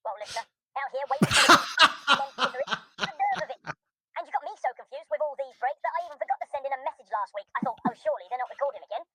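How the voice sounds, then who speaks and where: A grumpy listener with a sarcastic rant, voiced by a woman, delivered in a high voice at a rapid clip. The sound is close and dry, and the complaints keep coming without a pause. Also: big pitch swings, sharp tone, dry recording, exaggerated voice. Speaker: listener's audio message.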